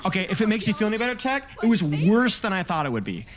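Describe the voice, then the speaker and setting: A man reviewing gameplay in an exasperated rant, repeating himself and often shouting. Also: high-pitched, big pitch swings, fast, faint music behind.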